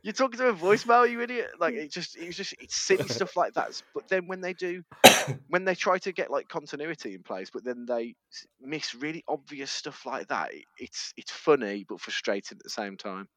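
A man on a casual film review podcast, rambling with halting restarts and laughing as he tells a story. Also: mid-range voice, animated, fairly bright tone, a little hiss or hum. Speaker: podcast co-host.

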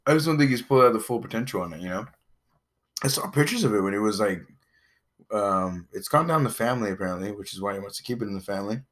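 A man's voice: fairly low pitch, expressive, fast, fairly bright tone. Laid-back man in casual chat. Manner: laid-back, says "man" and "dude" a lot.

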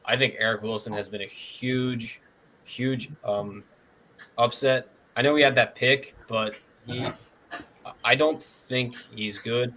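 A man co-hosting a casual sports podcast, giving opinions quickly with many "likes". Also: medium pitch, steady tone, bright, forceful tone, slight background noise. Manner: quick, opinionated, uses "like" often. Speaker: podcast co-host.

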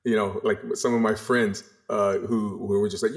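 A middle-aged man from the American South with a faint Southern accent, telling stories in a casual interview, rambling and animated with frequent restarts. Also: fairly low pitch, moderate pace, hardly any pauses. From the Carolinas, US South. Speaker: podcast guest.

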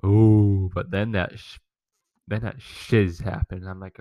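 A man's voice: on the low side, fairly even intonation, slow pace, pauses often. A young man hosting a casual podcast from home, rambling through a profane, complaining story about his family. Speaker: podcast host. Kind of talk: casual rant.

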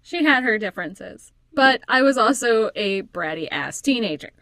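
A woman's voice: on the high side, animated, normal speed, fairly bright tone, no echo. A woman co-hosting a podcast, reading a true crime story with teasing, profane banter and frequent laughs. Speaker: podcast co-host.

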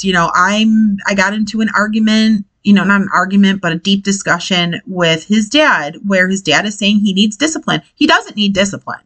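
Poor audio carries a woman's fairly bright, medium-pitched voice at a normal pace. It's a casual podcast monologue from a parent host, exasperated and chatty, swearing now and then, as she hits her desk microphone with her gestures.

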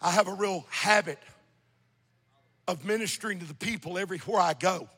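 Impassioned preacher in a reverberant hall. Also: male voice, high voice, brisk, slightly rough. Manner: impassioned preaching, swinging from shouts to hushed tones. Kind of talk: sermon.

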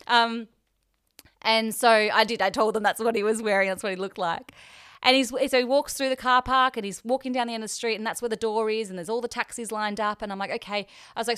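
Chatty Australian woman with a smooth voice. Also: a little high, fairly quick, no echo, clean studio sound. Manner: chatty, emotional, quotes herself and others in lively voices. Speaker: podcast host. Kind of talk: personal storytelling. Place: hotel room.

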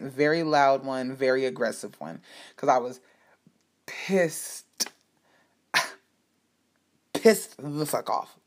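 A woman casually telling a personal story to her listeners, candid and profane, animated and emphatic. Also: a bass voice. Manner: speaks to listeners directly. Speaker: storyteller sharing personal life.

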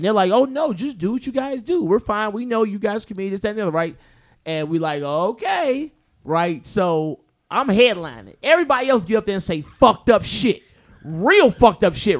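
High-voiced man telling an animated story. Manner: animated, profane, acts out quotes. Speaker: comedian. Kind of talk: casual storytelling chat.

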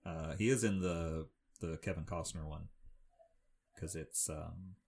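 Deep-voiced man, rambling podcast chat. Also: fairly even intonation, unhurried, gravelly, a little mellow, slight background noise. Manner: rambling, with many fillers and restarts. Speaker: podcast co-host. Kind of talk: casual chat recapping a film.

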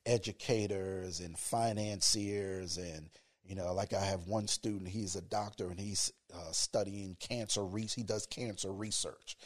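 Deep-voiced man with a radio voice. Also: a little mellow. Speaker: college educator and interviewee. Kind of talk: relaxed conversational interview.

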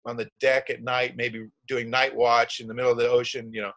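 A man's voice: mid-range voice, little pitch movement, brisk, fairly bright tone. A middle-aged man telling a long travel story in a rambling way, with many restarts and acted-out quotes. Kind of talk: casual storytelling.

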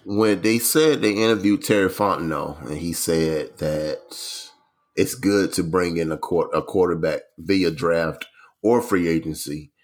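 A man's voice: low-pitched, unhurried. A man as a podcast guest in casual sports chat, laid-back and rambling.

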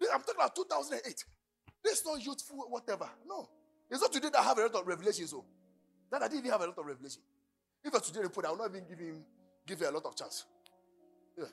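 A man with a Ghanaian accent preaching a sermon. He shouts at the peaks and drops to low storytelling. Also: gravelly, breathy edge. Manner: fiery, shouting at the peak then dropping to low storytelling. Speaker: pastor.

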